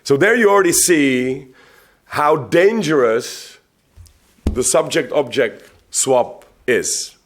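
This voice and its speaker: Male economist from the Czech Republic, mid-pitched, conversational lecture with rhetorical questions and stumbling repeats. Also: expressive, slow. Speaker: economist giving a talk. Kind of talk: public talk. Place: conference venue.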